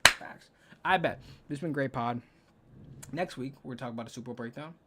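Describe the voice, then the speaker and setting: A man's voice: mid-range voice, fairly quick, bright, forceful tone. Young male podcast host, loose profane solo chat, mid-range voice, faint background noise. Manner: rambling, profane, counts aloud to himself.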